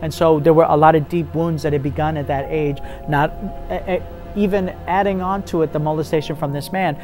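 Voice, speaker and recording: A man's voice: fairly high pitch, steady tone, brisk, over music. A man in a faith interview, telling a story earnestly and acting out the dialogue with rising intensity. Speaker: ministry guest telling a testimony.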